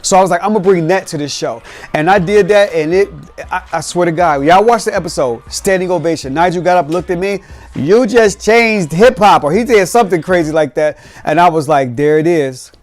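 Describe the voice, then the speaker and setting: A man hosting a podcast, telling lively, streetwise stories and acting out beats with his mouth. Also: on the high side, brisk, faint music behind. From Cincinnati. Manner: animated, streetwise storytelling with sound effects. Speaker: podcast host. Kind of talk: storytelling.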